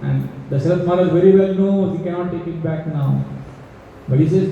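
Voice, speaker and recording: A man's voice: fairly high pitch, moderate pace, gravelly, warm tone, a little hiss or hum. A man, telling a scripture story in a temple hall, asking the seated audience questions and acting out the characters' lines. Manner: acts out the king's pleas in a raised voice. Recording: echoey hall, mic at a distance.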